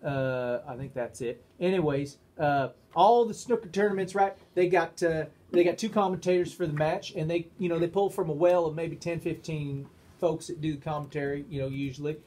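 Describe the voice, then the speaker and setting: A man co-hosting a casual livestream chat. He talks in a deadpan way and trades dry quips. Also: on the high side, normal speed. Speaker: co-host.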